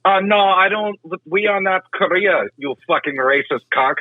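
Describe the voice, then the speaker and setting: A man playing a rude male fast-food worker answering the phone in a put-on accent, over a tinny remote line. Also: high-pitched, dry recording, voice pushed up, close to an everyday voice. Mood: angry. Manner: sudden crude insults in a mock accent.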